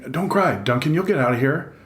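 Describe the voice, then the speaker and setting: A man voicing an excitable, childlike male patient who talks eagerly and teases. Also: on the high side, brisk, roomy sound, pitched above the performer's own voice. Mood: teasing. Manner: bouncy, eager, teasing.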